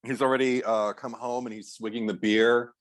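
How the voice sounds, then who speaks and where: A man's voice: medium pitch, little pitch movement, moderate pace. A man co-hosting a film podcast in casual chat, rambling enthusiastically with many fillers. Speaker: podcast co-host.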